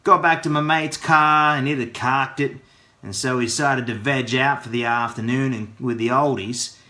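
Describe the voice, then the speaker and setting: A man's voice: mid-range voice, steady tone, moderate pace, pushed and bright. A man with an Australian accent, hosting his vlog from his studio and spinning a chatty story full of slang. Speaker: vlogger. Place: home studio.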